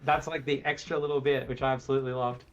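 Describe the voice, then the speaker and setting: A man co-hosting a casual film review chat, eagerly retelling comic scenes and acting them out in sudden high voices. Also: flat delivery, quick pace, lo-fi sound. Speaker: podcast co-host.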